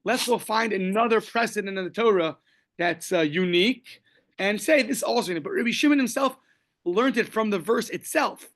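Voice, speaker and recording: A man with a high, fairly bright voice and moderate pace leads a daily Talmud lesson. He works through the passage methodically, citing Aramaic and Hebrew phrases, with easygoing, joking remarks along the way.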